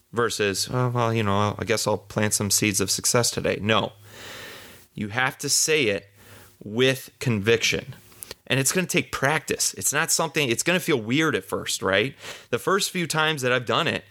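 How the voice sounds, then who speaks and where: A man's voice: mid-range voice, sharp tone. A man in his mid-thirties hosting a podcast, talking earnestly and casually through a self-help topic, often repeating himself. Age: 30s. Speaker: podcast host.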